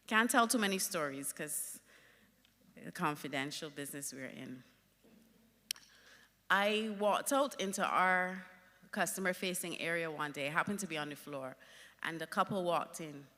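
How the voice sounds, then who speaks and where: A woman giving a conference talk, telling lively stories with emphatic punch. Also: on the low side, long reverb tail. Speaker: conference speaker.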